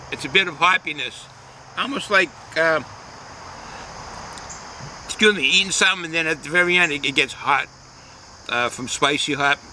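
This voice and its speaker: A man's voice: fairly high pitch, bright, forceful tone, slight background noise, rough recording. A man giving a casual, folksy beer review outdoors, rambling with lots of hesitations.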